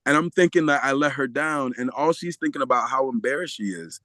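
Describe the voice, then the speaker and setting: A man telling a story as a podcast guest, animated and often laughing, acting out the voices of the people in it. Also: mid-range voice, brisk, no room sound. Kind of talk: storytelling in a casual interview.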